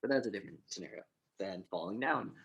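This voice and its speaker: A man's voice: on the low side, lively intonation, quick pace, creaky, a bit bright, muffled recording. A man co-hosting a casual movie review podcast, animatedly retelling scenes and swearing freely. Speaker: podcast co-host.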